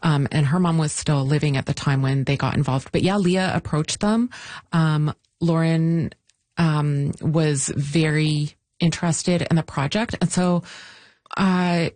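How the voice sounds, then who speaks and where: A young woman answering interview questions about her film, earnest and warm, with many ums and restarts. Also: deep voice, measured pace, dry recording. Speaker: filmmaker guest.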